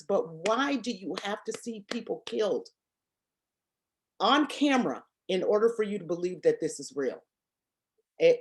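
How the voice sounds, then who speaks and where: A woman panelist making impassioned, emphatic remarks and repeating her points. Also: lowish voice.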